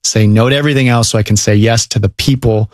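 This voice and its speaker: A man speaking earnestly about parenting and faith in a relaxed conversation. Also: on the low side, fast talker, no echo, studio quality. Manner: earnest, speaks of God and discipleship.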